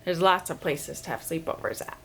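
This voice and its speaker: A woman hosting a children's storytime, reading a picture book aloud with expressive sound effects. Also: low voice, fairly quick, slightly rough. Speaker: storyteller host.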